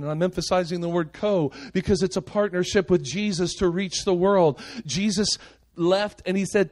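A male pastor preaching a sermon with passion, moving between raised, urgent lines and quiet, hushed ones. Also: high-pitched, steady tone, moderate pace. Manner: impassioned preaching, swinging between loud and hushed.

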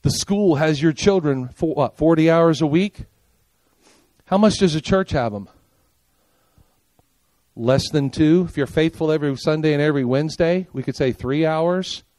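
An older man preaching a sermon as pastor, emphatic, firing rhetorical questions and asking the congregation if they are with him, swinging from loud punchy lines to quiet low ones. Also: normal speed, long pauses, dry recording. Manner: emphatic, rhetorical questions and call-and-response checks.

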